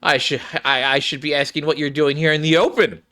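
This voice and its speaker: A man's voice: a little high, fairly even intonation, pushed and bright, voice pushed up. Blunt scolding young fighter girl, read by a man. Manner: blunt, scolding, quick to justify herself.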